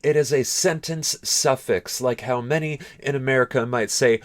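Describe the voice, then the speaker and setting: Canadian man, reaction-video host, emphatic explainer, middle pitch. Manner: explains points slowly and emphatically. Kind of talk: casual commentary over a video.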